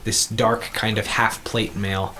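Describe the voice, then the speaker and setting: A man narrating as dungeon master of a tabletop game, halting with fillers and laughing often. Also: lowish voice, little pitch movement, noisy background.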